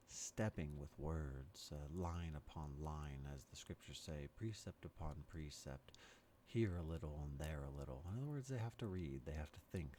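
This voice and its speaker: A man giving a rambling spoken meditation, meandering and pausing, his accent and tone drifting as he talks. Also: a bass voice, warm tone, slight background noise. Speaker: meditation speaker.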